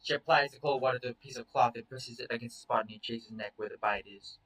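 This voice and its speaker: A man's voice: medium pitch, quick pace, fairly bright tone, distant mic, rough recording. A man reading a first-person story aloud in a casual, profane, confessional way. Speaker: story reader.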